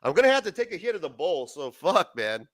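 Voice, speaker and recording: A man's voice: on the high side, sing-song, a little fast, dry recording. A man hosting a casual late-night livestream, swearing a lot and laughing often. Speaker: livestream host.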